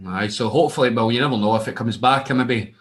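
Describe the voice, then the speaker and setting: A young Scottish man tells stories in relaxed, profane chat. He gets animated and slips into other people's voices as he recounts what they said. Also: medium pitch, fast talker. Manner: animated, swearing, acts out other voices in his anecdotes. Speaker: guest wrestler. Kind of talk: casual storytelling chat.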